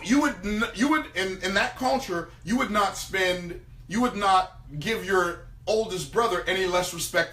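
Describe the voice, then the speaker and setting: A preacher teaching on business and faith gives an animated sermon, retelling old scripture in plain, casual everyday language. His high, bright voice has a forceful edge. A noticeable echo fills the room, and he seems a little distant from the mic.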